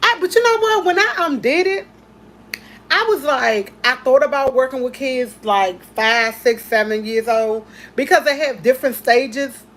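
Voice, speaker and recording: A woman hosting a casual chat, talking in an emphatic, repetitive way with heartfelt excitement. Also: high voice, moderate pace. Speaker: host.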